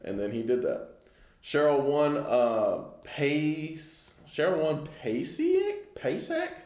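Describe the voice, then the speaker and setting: A man's voice: on the high side, takes it slowly, a little mellow, echoey room. A man giving a casual lesson on the news, talking it through conversationally and often checking in with listeners. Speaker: Bible class teacher.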